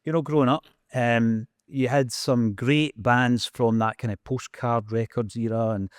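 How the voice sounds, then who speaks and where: A man's voice: medium pitch, fairly even intonation, unhurried, smooth, no echo, clean studio sound. A man with a Scottish accent hosting a casual podcast interview, asking questions in an enthusiastic, chatty way. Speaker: podcast host.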